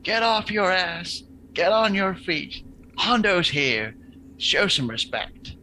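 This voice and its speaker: A man's voice: high voice, big pitch swings, slow pace, pushed and bright, slight background noise, voice pushed up, exaggerated voice, low-quality recording. A man voicing a brash, eager young male rookie cop in a tabletop game. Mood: bossy.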